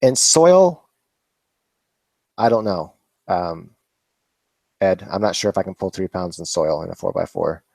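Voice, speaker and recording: A man's voice: low-pitched, steady tone, moderate pace, gravelly, long pauses, darkish tone, no room sound. A man hosting a live Q&A, chatting casually and rambling with laughs and swearing. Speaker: vlog host answering viewer questions.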